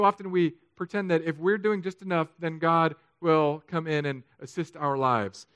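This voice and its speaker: A man preaching a sermon as pastor, candid and self-deprecating, moving between quiet confiding stretches and emphatic raised passages. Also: on the high side, fairly even intonation, normal speed, few pauses, clean tone, no echo.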